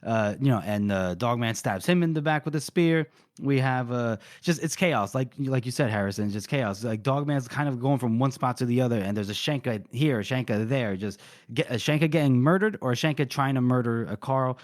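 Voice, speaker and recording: A man co-hosting a podcast, retelling a book chapter in casual chat with excited, fast narration of the fights. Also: mid-range voice, no room sound, clean studio sound. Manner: excitable, narrates battles fast and acts out characters' lines. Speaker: podcast co-host.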